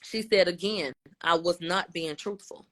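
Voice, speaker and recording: A woman's voice: fairly low pitch, unhurried. Woman casually recapping courtroom events. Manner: conversational, retelling quotes with shifts in tone and loudness. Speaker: commentator.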